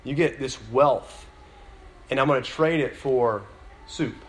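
A man's voice: medium pitch, measured pace. A man giving a sermon in a conversational style, full of fillers and restarts, now and then building to an emphatic point. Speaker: pastor.

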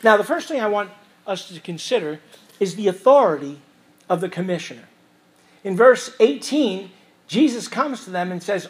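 A man preaching an expository sermon as pastor, reading scripture aloud and swinging between loud emphasis and quiet asides. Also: high-pitched, animated, normal speed, slightly rough.

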